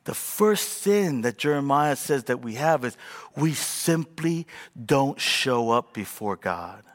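A male pastor in his forties preaching a sermon with animated, self-mocking storytelling. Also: medium pitch, slow. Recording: long reverb of a large hall.

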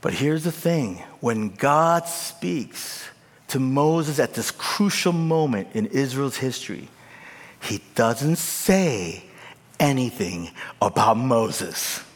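A pastor preaching a lively sermon, acting out scenes and swinging from whispers to shouts. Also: male voice, mid-range voice, takes it slowly, breathy edge, in a large hall.

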